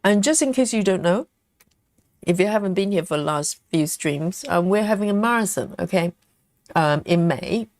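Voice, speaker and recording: A woman hosting a cross-stitch livestream, chatting casually and relaxed, with many fillers, snacking on chocolate as she talks. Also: medium pitch, moderate pace, dry recording.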